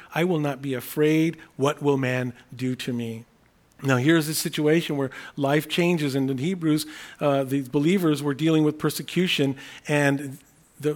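A man preaching a sermon in an earnest, unscripted way, often restarting phrases and repeating key words slowly for emphasis. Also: fairly high pitch. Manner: earnest, thinking aloud with frequent restarts. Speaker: pastor.

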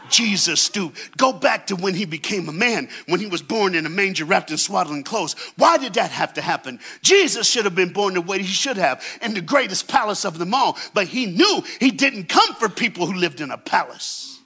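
A man's voice: high voice, big pitch swings, normal speed, few pauses, husky. A man preaching as a guest speaker in a church, telling a story dramatically and calling on the congregation to answer back. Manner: dramatic storytelling, swings from hushed to shouting; call-and-response with the crowd. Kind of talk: sermon. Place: church stage.

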